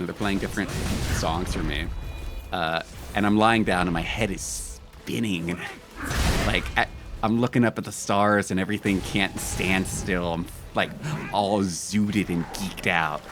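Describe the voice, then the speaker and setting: While playing a game on stream, a low-voiced man rambles through laid-back stories and casual chat, peppered with fillers and laughing. Slight background noise can be heard.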